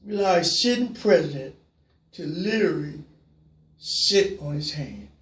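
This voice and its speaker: A host speaking with fervor in a call-in show monologue, dropping to low murmurs, then climbing to shouts and repeating himself for emphasis. The voice sits back from the microphone in an echoing room. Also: expressive, unhurried, far from the mic. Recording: roomy sound, voice from away from the mic.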